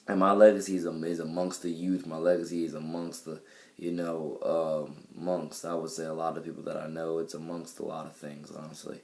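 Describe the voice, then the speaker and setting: A man's voice: a bass voice, a little mellow. A young man talking to camera in a casual video diary about his music, rambling with many fillers and restarts. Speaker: vlogger and musician. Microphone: camera mic.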